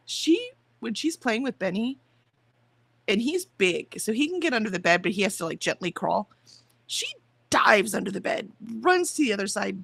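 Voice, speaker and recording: A woman's voice: medium pitch, creaky, fairly bright tone, dry recording. A woman chatting casually on a livestream, rambling about her morning and talking to her viewers. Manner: chatty, rambling, talks to chat and her dog. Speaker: livestream host.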